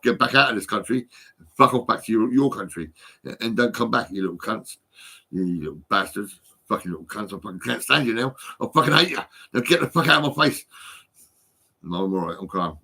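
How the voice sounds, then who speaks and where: Man, phone vlog rant; repetitive, profane, agitated; bright, slightly husky tone. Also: on the low side. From United Kingdom. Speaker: vlogger. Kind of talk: rambling angry monologue.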